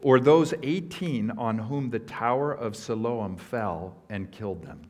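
A man preaching a sermon, explaining scripture in an earnest way and building to emphatic points. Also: medium pitch. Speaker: pastor.

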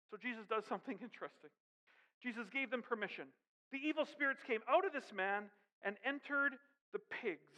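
A man preaching a sermon in an animated way, with joking asides and questions to the congregation. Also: very high-pitched, brisk, long reverb tail, rough recording. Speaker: pastor.

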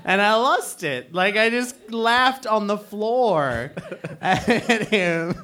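A man's voice: high-pitched, slow pace. A man with an Australian accent, chatting casually as a podcast co-host and laughing often as he tells stories. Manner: laughs often, animated storyteller. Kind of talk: casual chat.

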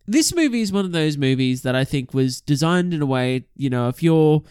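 Chatty upbeat guy hosting a movie podcast, bit high voice, dry close sound. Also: expressive, brisk, darkish tone, smooth, dry recording. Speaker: podcast host. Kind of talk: casual film review chat.

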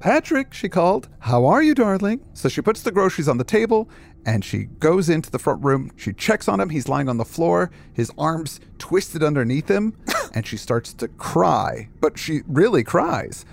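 A man's voice: fairly high pitch, big pitch swings, moderate pace, vocal fry. A man co-hosting a podcast, retelling a story casually and acting out quoted lines. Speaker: podcast co-host. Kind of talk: casual story discussion with read-aloud passages.

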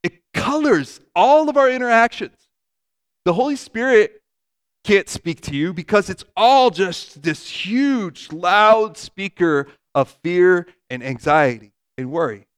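A man preaching a conversational sermon, animated, acting out everyday quotes and vivid hypotheticals. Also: sits high, takes it slowly, smooth.

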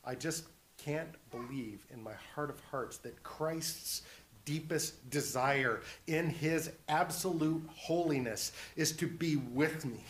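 A man delivers a sermon at an unhurried pace, speaking with earnest conviction. He builds to strong, emphatic repetition and slips in light, humorous asides. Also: a little high, echoey room, a little hiss or hum. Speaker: preacher.

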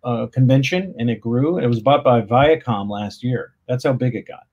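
A man's voice: mid-range voice, moderate pace, darkish tone, lo-fi sound. Man explaining at a podcast. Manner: explanatory, many fillers and restarts. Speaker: podcast guest. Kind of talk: casual podcast interview.

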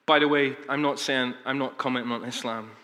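Man pastor giving a sermon in a church hall, bright tense voice, earnest, lots of ums and restarts, big echo. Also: medium pitch, steady tone, brisk. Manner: earnest, emphatic, with frequent fillers and restarts. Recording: long reverb of a large hall.

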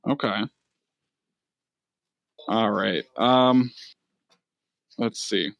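A man's voice: fairly low pitch, extremely slow, vocal fry, a bit bright, no room sound, dull audio. Hesitant man narrating as game master. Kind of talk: improvised tabletop narration.

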